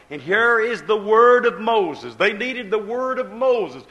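A male preacher giving a sermon, retelling scripture in folksy dialect and dropping low, then rising loud, when quoting God. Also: lively intonation, measured pace, hardly any pauses. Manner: storytelling preacher who acts out God's voice low and rising loud.

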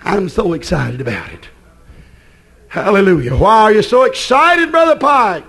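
Pastor, man, high voice and lively pitch, excitable sermon delivery with shouted peaks. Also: moderate pace, gravelly. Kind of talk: preaching sermon.

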